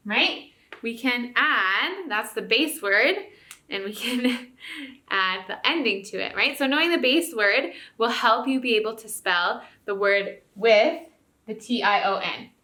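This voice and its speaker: A woman's voice: fairly high pitch, lively intonation, slow, bright, forceful tone. A woman teacher giving a recorded spelling lesson to young students, patient and encouraging, often checking in with "okay?". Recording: roomy echo.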